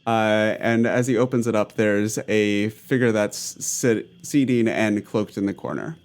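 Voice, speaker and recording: A man's voice: on the low side, measured pace, darkish tone. Man narrating as game master. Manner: narration full of uh fillers and laughs.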